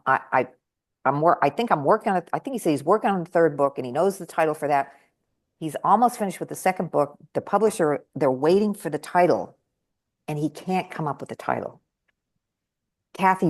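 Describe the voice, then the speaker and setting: A woman guest telling stories in conversation, animatedly acting out the voices of the people she quotes. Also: brisk. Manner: animated, acts out quoted voices with big jumps in pitch. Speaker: guest speaker and trainer. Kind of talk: conversational storytelling.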